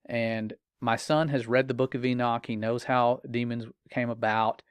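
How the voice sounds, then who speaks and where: A man's voice: medium pitch, flat delivery, normal speed, clear, resonant tone, no echo. A middle-aged father telling a personal story in an earnest, warning tone, with casual fillers. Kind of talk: earnest personal testimony monologue.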